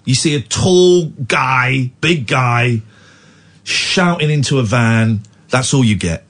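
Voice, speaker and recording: Brief: male radio host, husky voice, animated and swinging in pitch, emotional confessional storytelling. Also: slow pace. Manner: emotional, animated retelling with restarts. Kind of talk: candid storytelling chat.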